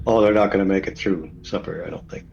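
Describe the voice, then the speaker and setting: Man, tabletop player, deadpan, low voice, muffled lo-fi recording with hiss. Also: fast, gravelly. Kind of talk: tabletop game chat. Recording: dull lo-fi mic with faint hiss.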